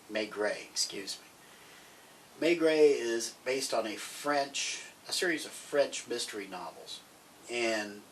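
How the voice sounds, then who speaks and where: A man co-hosting a podcast, rambling cheerfully as he recommends TV series in casual chat. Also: medium pitch. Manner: chatty, rambling, grows excited. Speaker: podcast co-host. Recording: distant mic, faint background noise.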